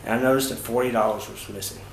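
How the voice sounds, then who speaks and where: A man in a reverberant room tells a travel story in a relaxed, rambling way. He pauses often on fillers and restarts his sentences. A faint ambient hum sits under the voice. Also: mid-range voice, vocal fry. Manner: halting, many fillers and restarts. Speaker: travel vlogger. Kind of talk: casual first-person storytelling. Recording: roomy echo with faint ambient noise.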